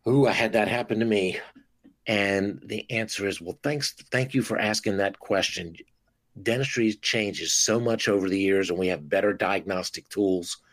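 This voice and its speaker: A man who is a dentist, talking as a guest on a podcast interview in an expressive, animated way and acting out talks with patients. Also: fairly low pitch, normal speed, no echo.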